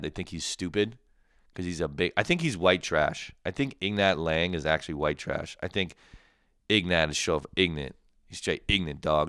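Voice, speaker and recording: A young man hosting a crude solo comedy podcast, swearing freely, laughing at his own jokes and jumping into loud mock quotes. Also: low-pitched, clean tone, no room sound, studio quality. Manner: profane, laughing, shifts into shouted mock quotes.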